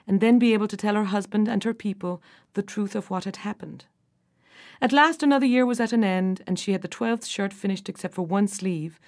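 Expressive woman reading a fairy tale. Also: mid-range voice. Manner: expressive, rises and falls with the drama. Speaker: storybook narrator. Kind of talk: scripted narration of a fairy tale.

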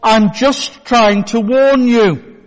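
A man voicing a cheeky, deadpan male parrot in a joke told from the pulpit. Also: extremely high pitch, takes it slowly. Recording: long church reverb.

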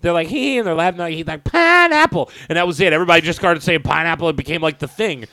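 A man co-hosts a casual podcast and explains things at length, with "like" in almost every phrase. His voice sits slightly high for a man. The sound is dry and close, with no room echo. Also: steady tone, racing, creaky, sharp tone. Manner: chatty, explains at length with many "like"s. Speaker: podcast co-host.

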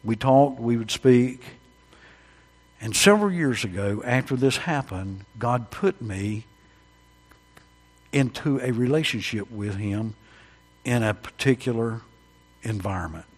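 Husky preacher in echoey hall. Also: male voice, medium pitch, expressive, unhurried, long pauses. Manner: preaching with sudden loud peaks and hushed drops, calls to the congregation. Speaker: pastor. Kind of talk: sermon. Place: church during an evening service.

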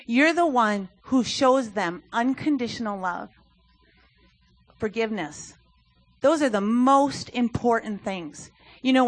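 A woman speaking earnestly and conversationally at a church service, with frequent fillers as she talks. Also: fairly high pitch. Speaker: youth ministry speaker. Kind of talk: sermon talk.

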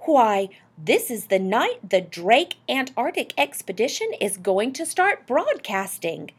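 A woman's voice: a little high, measured pace, husky, pitched above the performer's own voice, full character voice. A woman voicing an enthusiastic, dreamy middle-aged husband who talks eagerly. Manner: eager, excitable.

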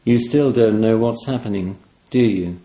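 Man voicing a quiet, sad dead man. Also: on the low side, reverberant, natural voice, rough recording. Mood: quietly ominous. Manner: quiet, measured.

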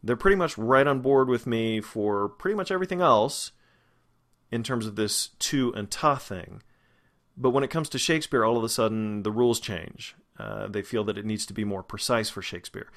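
A man who is a vocal coach, giving a pronunciation lesson and slowly demonstrating single sounds and words. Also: fairly low pitch, fairly bright tone. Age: adult, past grad school.

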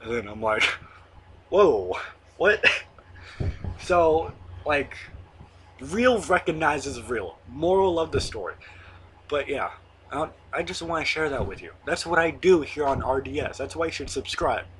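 A man's voice: fairly high pitch, expressive, normal speed, slight background noise. A young man in his late teens hosting his own online show, rambling casually with lots of fillers and the odd swear word. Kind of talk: casual monologue to camera.

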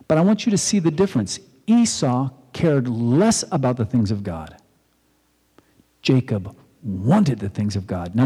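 Male pastor, casual storytelling sermon, warm husky tone, long hall reverb. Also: medium pitch. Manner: conversational storytelling, acts out quotes.

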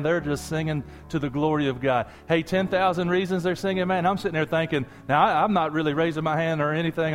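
A man preaching a sermon as pastor, animated and conversational, talking straight to his congregation with asides and jokes. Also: fairly high pitch.

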